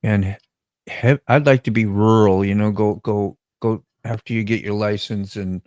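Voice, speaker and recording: A man's voice: lowish voice, fairly even intonation, normal speed, a little mellow, dry recording. Easygoing American man, dry close sound. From United States. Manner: easygoing, agreeable, chatty. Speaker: livestream co-host. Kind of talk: casual chat.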